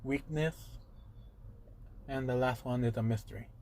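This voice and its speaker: Guy doing a jittery secretive teen boy, stops and starts a lot, mid-pitched voice. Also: a little mellow, slight background noise, natural voice. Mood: hesitant. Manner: halting, hesitant. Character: nervous secretive teenage boy hero.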